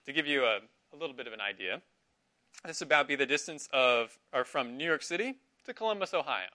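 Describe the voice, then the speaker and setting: A middle-aged man leads a Bible class, his bright voice swinging widely up and down as he quizzes the room and affirms each answer. He speaks in a fairly high register, with a clear, lively delivery. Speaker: Sunday school teacher.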